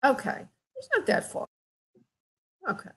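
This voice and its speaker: A woman spirit medium hosting a call-in radio show, giving gentle, affectionate readings and calling her callers honey and sweetheart. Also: unhurried, low-quality recording.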